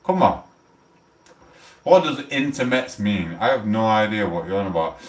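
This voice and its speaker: On a casual livestream, a middle-aged Englishman with a South Yorkshire accent gets blunt, sweary and mock-outraged. His fairly low voice is animated at a normal speed with frequent pauses, and it sounds reverberant, recorded from a distance.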